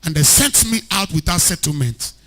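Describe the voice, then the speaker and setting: A man preaching an animated sermon as a pastor, rising to shouts at times. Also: fairly high pitch, moderate pace. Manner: animated preaching, shouting at peaks, mixing in Pidgin.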